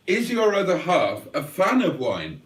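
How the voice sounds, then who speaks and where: A man hosts a casual livestream, answering his chat with wry, mock-theatrical teasing. His fairly high voice swings widely in pitch. He sits a little back from the microphone, so the sound is slightly distant. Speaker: livestream host reading chat.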